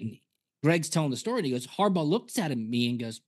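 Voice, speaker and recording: Man telling animated football stories. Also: on the high side, fast. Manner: animated storyteller, acts out quotes. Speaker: podcast co-host, former punter. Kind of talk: casual sports podcast chat.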